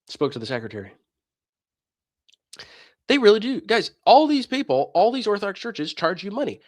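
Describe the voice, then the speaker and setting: A man in a casual commentary rant, his slightly high voice swinging widely as he mocks and scoffs. The sound is dry and close, with no room around it. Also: moderate pace, long pauses, no echo. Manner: animated, sarcastic, mocking. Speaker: streamer, commentator.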